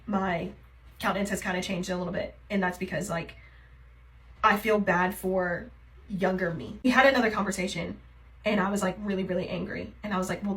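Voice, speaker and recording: A woman's voice: medium pitch, fairly bright tone, poor audio. Young woman confiding in a rambling vlog. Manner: rambling and hesitant, heavy on fillers; emotionally raw, confiding. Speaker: TikTok creator. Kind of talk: confessional get-ready-with-me vlog.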